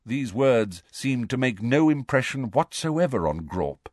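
Lively man narrating a storybook, expressive, close and dry. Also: medium pitch, unhurried, no echo. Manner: expressive, varied delivery. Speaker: audiobook narrator. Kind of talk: storybook reading with character voices.

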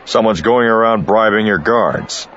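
A man voicing a blunt, gruff male smuggler who answers in terse, growling comebacks. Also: on the low side, measured pace, fairly bright tone, dull audio, slight background noise, pitched above the performer's own voice.

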